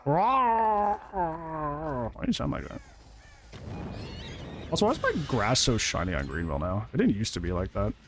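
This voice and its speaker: A man's voice: mid-range voice, sing-song, moderate pace, long pauses, fairly bright tone, a little hiss or hum. A man giving casual, jokey commentary while he plays a video game, talking to the players on screen, laughing and swearing often. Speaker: gaming YouTuber. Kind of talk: live gameplay commentary.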